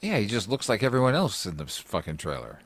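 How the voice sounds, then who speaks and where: Blunt, swearing man with a lively voice. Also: fairly low pitch, fairly quick, no echo. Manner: blunt, swears freely, opinionated. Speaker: podcast host. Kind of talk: casual chat.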